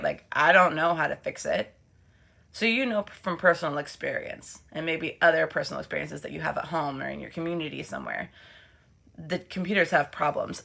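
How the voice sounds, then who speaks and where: A woman's voice: sits low, gravelly, bright, forceful tone. A woman teacher talking her students through a reading question in a casual, encouraging way. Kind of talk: classroom lesson recording.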